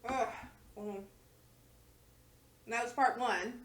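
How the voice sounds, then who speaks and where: A woman's voice: on the high side, steady tone, very slow, loud music behind the voice. A woman hosting a reaction video, talking in blunt, profane, exasperated rants. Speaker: reaction channel host. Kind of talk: casual reaction commentary.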